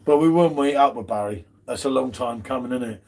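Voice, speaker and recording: A man's voice: medium pitch, brisk, a little mellow. A man hosting a casual live beer stream from home, bantering, swearing and greeting viewers in chat. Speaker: beer channel host.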